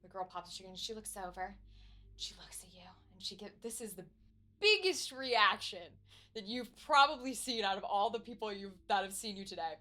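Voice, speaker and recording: A woman narrating as game master of a tabletop horror game, animated, with many fillers. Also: mid-range voice, a little fast.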